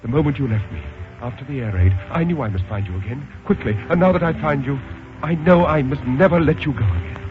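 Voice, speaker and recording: Man playing an ardent army captain, low lively voice, tinny old radio sound, music behind. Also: fast, lightly acted. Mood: romantic. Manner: impassioned, romantic. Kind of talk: 1940s radio acting.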